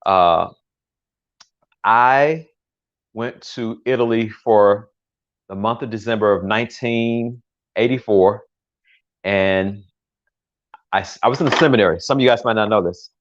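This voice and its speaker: A man's voice: on the low side, unhurried, long pauses, muffled recording. Chatty older man cooking on a livestream. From United States. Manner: chatty, rambling, self-correcting with jokes. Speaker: home cook hosting a livestream. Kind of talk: casual cooking demonstration. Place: home kitchen.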